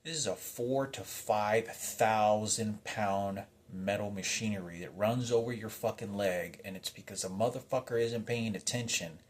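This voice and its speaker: Agitated, profane man telling a story. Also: on the low side. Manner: agitated, rambling, heavy swearing; halting restarts, emotional. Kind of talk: personal storytelling monologue.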